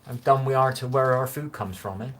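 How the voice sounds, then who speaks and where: Man, 40s, thick West Country accent, casual home livestreamer, mid-pitched and unhurried, loose and rambling. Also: noisy background. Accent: West Country English. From England. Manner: rambling, answers chat comments aloud. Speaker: livestream host. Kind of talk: casual live-stream chat. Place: room at home.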